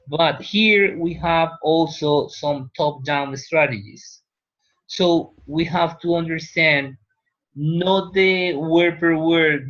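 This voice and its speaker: Lehrer, männlich, Spanisch als Muttersprache, spricht sehr langsam mit vielen Pausen, dumpfe Lo-Fi-Aufnahme im Klassenzimmer. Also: male voice, on the high side, fairly bright tone. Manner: unhurried, pauses, checks with "right?". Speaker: teacher. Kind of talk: classroom lecture. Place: classroom. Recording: dull lo-fi classroom recording.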